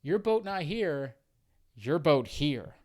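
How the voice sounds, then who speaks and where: A man putting on a pushy, high-voiced taxi driver. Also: big pitch swings, measured pace. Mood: insistent. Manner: clipped, repetitive broken phrases. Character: insistent male taxi driver, pushy and amused.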